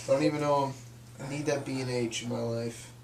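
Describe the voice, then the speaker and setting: A man's voice: medium pitch, steady tone, brisk, a little mellow, a little hiss or hum. A young man co-hosting a casual chat, joking and teasing. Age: young adult. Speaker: co-host. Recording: echoey room.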